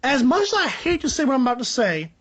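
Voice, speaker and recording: A young man hosting a solo sports podcast, ranting in a rambling, animated, joking way. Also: fast. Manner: animated, rambling, joking, pitch jumps up for emphasis. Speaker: podcast host.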